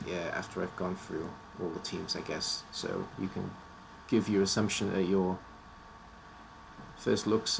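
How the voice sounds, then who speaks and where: A man's voice: fairly low pitch, creaky, a little hiss or hum. A man casually presenting teams on a live stream, his voice slightly worn out, joking and stumbling over odd names.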